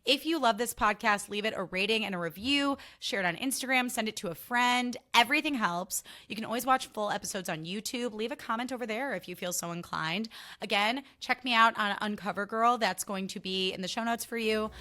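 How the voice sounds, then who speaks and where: Young female podcast host, bright tone, candid and chatty, swears, ranty. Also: fairly high pitch, brisk. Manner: chatty, candid, swears freely, gets worked up in rants. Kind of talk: casual solo podcast chat.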